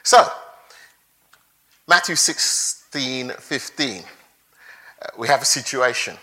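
A man preaching a sermon in an animated way, laughing between points and acting out the quotes he reads. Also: medium pitch, slow pace.

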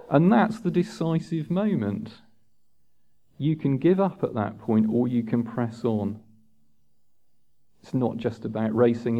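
A man preaching a sermon in a measured, earnest way, lifting his voice for emphasis. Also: medium pitch, gravelly. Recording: dull lo-fi sound.

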